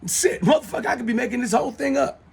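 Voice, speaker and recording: Talking very fast with vocal fry and a husky, very high-pitched voice, a middle-aged man vents into his smartphone as host of his own show. His angry rant to camera is profane and repetitive.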